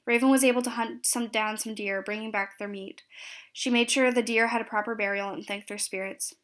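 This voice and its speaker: A woman's voice: a little high, fairly even intonation, brisk, a bit bright. A woman narrating a recap of a tabletop fantasy game, reading steadily with small slips and restarts.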